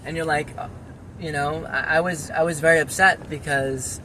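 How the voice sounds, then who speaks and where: A frustrated man talks straight to the camera in a casual vlog, his voice a little higher than most men's. He rambles, restarts his sentences and returns to the same complaints. A faint vehicle hum sits under the recording. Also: steady tone, normal speed, bright, forceful tone. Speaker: former volunteer firefighter and EMT. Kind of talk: casual personal vlog monologue.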